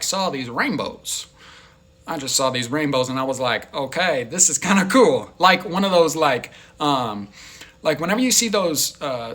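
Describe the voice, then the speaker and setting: Brief: young male vlogger, casual and rambling, lively swooping pitch. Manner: rambling and animated, full of "like". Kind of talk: casual storytelling.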